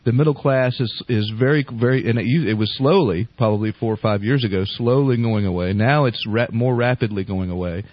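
Halting man on a dull line. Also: medium pitch, no echo. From United States. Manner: halting, restarts, drawn-out emphasis. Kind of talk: casual political chat.

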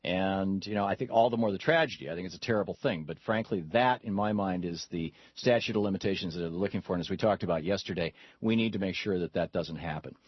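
A male talk radio host with a husky, somewhat low voice that rambles through his stories, restarting his sentences as he goes. The sound is dry and a little dull, with no room around it. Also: fast, no room sound. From Michigan, USA. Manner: rambling, storytelling with frequent restarts.

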